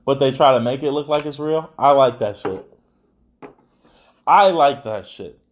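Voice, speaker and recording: A man's voice: mid-range voice, measured pace. A young adult man hosting a podcast, talking in casual, rambling chat full of slang and swearing. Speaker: podcast host.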